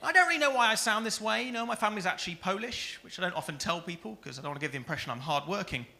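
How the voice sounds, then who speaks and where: A man doing a stand-up routine on a comedy club stage with a handheld mic, delivering deadpan one-liners. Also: sits high, rapid-fire, vocal fry. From Stoke-on-Trent area, England.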